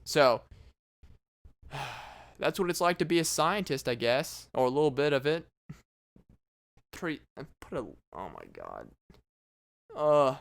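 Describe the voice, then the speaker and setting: A man's voice: medium pitch, smooth. A man hosting his own casual podcast, talking alone in a sarcastic, rambling and mocking way. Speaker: podcast host. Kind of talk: casual solo podcast monologue.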